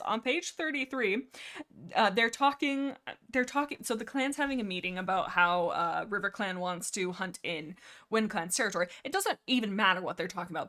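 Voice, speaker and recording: An excitable woman rambles through a casual livestream chat, laughing often as she talks. She jumps from thought to thought and stops now and then to answer her chat. Her voice sits at an ordinary middle pitch. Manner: reads and answers chat messages. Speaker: livestream host.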